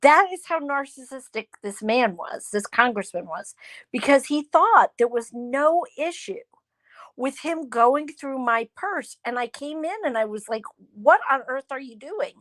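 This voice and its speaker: Animated woman telling stories, dry sound. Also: high voice, a little slow, no echo. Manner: animated storyteller, acts out quoted dialogue. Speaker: host. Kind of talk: casual chat.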